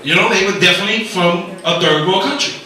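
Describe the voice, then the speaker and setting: A man's voice: high-pitched, fast, very noisy. A man in his forties from New York, doing loose, profane stand-up with asides to the crowd in a comedy club. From New York City, Dominican family. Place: comedy club stage, indoors. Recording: echoey club, mic from a distance.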